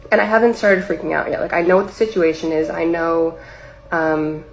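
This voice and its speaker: Gravelly low-voiced woman telling a story. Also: steady tone, a little fast, slight background noise, poor audio. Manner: rambling, heavy use of filler "like", acts out her own past lines. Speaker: singer telling a personal story.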